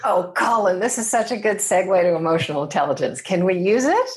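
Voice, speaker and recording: A woman's voice: medium pitch, a little fast, slightly rough. A woman explaining workplace communication as a podcast guest, acting out example phrases as she goes. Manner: animated, acts out example phrases. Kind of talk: conversational teaching.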